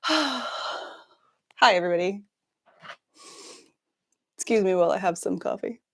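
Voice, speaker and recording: A woman's voice: mid-range voice, animated, slow pace. A woman hosting a news livestream, chatting casually with many fillers and restarts, laughing often. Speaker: news show host.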